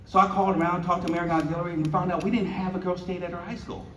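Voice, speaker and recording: A man's voice: high-pitched, very fast, a little hiss or hum. A man in his fifties giving a keynote at a luncheon, telling stories and acting out the dialogue with humor. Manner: animated, acts out quoted dialogue, jokes with the audience. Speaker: keynote speaker. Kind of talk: storytelling keynote speech. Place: banquet hall. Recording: echoey, distant, slightly dull room recording.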